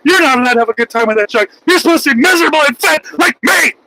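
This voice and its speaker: A man mocking a shrill whiny complainer woman. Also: lively intonation, rapid-fire, gravelly, bright, forceful tone, no echo, full character voice, low-quality recording.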